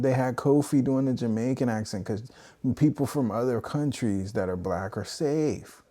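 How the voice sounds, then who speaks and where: Man ranting on a live stream, mellow tone. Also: medium pitch. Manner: animated, opinionated rant, drops into mocking voices for quotes. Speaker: streamer host. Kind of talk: casual wrestling commentary on a live stream.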